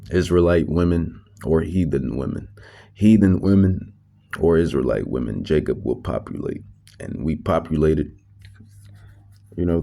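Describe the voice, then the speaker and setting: A man giving a religious lesson in an extremely deep, dark voice. He speaks slowly and emphatically, repeating words and restarting often. Fillers like "uh" and "you know" run through his teaching. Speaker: preacher.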